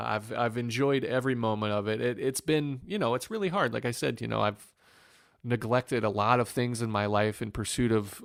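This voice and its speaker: A man from Northwest Ohio, a former pitcher, telling an earnest story in an interview with many restarts. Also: gravelly, no echo, clean studio sound. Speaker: former pro pitcher, podcast guest.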